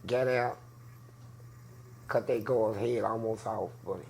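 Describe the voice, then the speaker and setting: A man in an interview telling prison stories in a loud, profane way, acting out voices. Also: fairly even intonation, a little slow, gravelly, slight background noise. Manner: profane, acts out voices with big pitch jumps. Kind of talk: animated storytelling.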